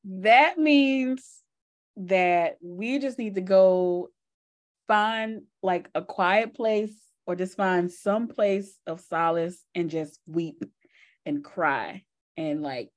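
A woman's voice: lowish voice, very slow. A woman with a Southern US accent co-hosting a podcast, reminiscing in easygoing casual chat with frequent laughs. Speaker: podcast co-host.

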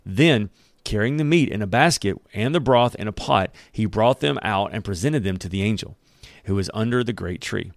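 Male pastor, gravelly, conversational sermon and scripture reading, dry close sound. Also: lowish voice, animated, moderate pace, no room sound. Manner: conversational, reads aloud and comments.

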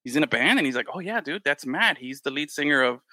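A man hosting a casual chat, telling stories in an animated way, acting out the voices of others and swearing freely. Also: on the high side, fast talker, no room sound. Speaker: podcast host.

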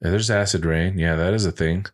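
A man's voice: deep voice, steady tone, a little fast. An American man co-hosting a podcast, chatting casually in a rambling way, with lots of fillers and swearing. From United States. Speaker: podcast co-host. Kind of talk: casual chat.

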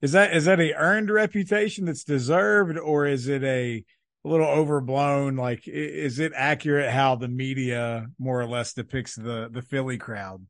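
A man hosts a casual sports talk show and asks his guest easygoing follow-up questions. His voice sits at a middle pitch, and the recording is dry with no room echo. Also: steady tone, normal speed, fairly bright tone. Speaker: host.

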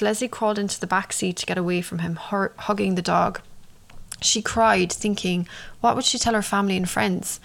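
A woman narrating a true-crime case breaks off now and then to comment on it. Her mid-range voice carries a creaky, gravelly quality, and she keeps a measured reading pace that slows for the dramatic beats.

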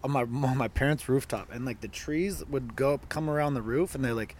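A man co-hosting a podcast, telling an animated story in casual chat with lots of swearing. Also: medium pitch, brisk, a little hiss or hum. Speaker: podcast co-host.

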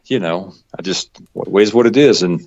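Rambling Southern man, low voice. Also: a little fast, a little mellow. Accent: Southern US (Georgia). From Georgia, US South. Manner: rambling, chuckles often, many fillers. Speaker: guest. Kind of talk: casual interview chat. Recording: dull lo-fi recording.

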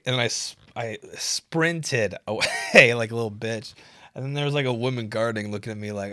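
A man's voice: mid-range voice, fairly quick, fairly bright tone, no echo. Giggly stoned man rambling, dry sound. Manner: giggly, profane, laughs mid-sentence. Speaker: podcast host. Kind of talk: casual rambling monologue.

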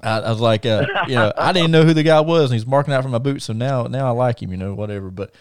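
Middle-aged man, animated storyteller, stammering restarts, dry close recording. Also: medium pitch, fast talker, clean tone, dry recording. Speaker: podcast host. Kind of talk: casual storytelling chat.

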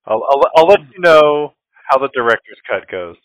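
A man's voice: medium pitch, expressive, normal speed, fairly bright tone, smooth, no room sound. A man co-hosting a casual podcast chat, talking expressively and quoting his own reactions. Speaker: podcast co-host. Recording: dry, dull lo-fi sound.

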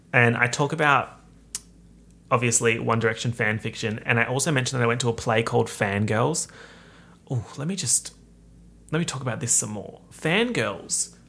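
A young man hosting his own podcast, talking casually in a chatty, campy, animated way. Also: mid-range voice. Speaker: podcast host. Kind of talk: casual solo podcast chat.

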